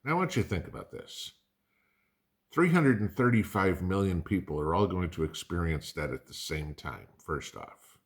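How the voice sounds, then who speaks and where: A man's voice: sits low, expressive, normal speed. A middle-aged man hosting a prepping channel, talking casually to camera in a conversational, rambling way with folksy asides.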